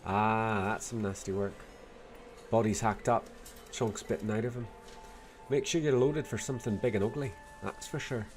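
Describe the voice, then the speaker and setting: A man voicing a tough, blunt Irish woman in a video game, with a put-on Dublin accent carrying a Scottish lilt and a rough, salty way of talking. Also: lowish voice, fairly even intonation, normal speed, darkish tone, soft background music, lightly acted. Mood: brusque. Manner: gruff, salty, rough-spoken.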